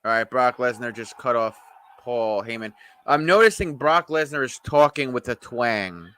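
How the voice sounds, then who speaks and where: A man's voice: mid-range voice, expressive, moderate pace, pushed and bright, clear, resonant tone. A man doing live watch-along commentary on a wrestling show, wisecracking offhand and talking to viewers in the chat.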